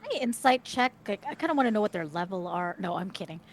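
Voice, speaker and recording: A woman's voice: mid-range voice, expressive, fast talker, slight background noise. A woman playing a tabletop game, casual and joking. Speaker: player.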